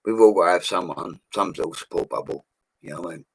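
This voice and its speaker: A man's voice: sits low, quick pace. A man chatting casually on a live stream, upbeat and slangy, laughing often as he reads viewer comments. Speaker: livestream host reading viewer comments. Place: home studio.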